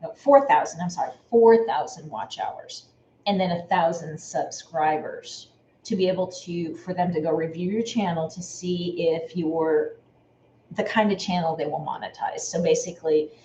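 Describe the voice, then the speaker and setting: A woman's voice: on the low side, normal speed, mellow. Chatty woman on a live stream. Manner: rambling and chatty, thanking viewers by name. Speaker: sewing channel host. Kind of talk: casual live-stream chat. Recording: echoey room with faint noise.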